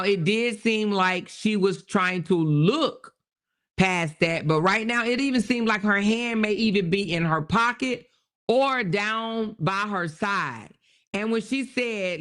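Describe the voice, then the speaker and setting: A woman's voice: mid-range voice, takes it slowly, a bit bright. A woman hosting her own show, giving casual commentary on a news story and often repeating herself as she checks in with viewers. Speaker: host.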